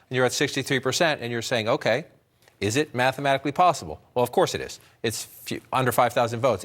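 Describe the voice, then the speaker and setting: On election night, a man stands at a map in a TV news studio giving live analysis in a mid-range, fairly bright voice. He explains briskly, thinking aloud and restarting quickly.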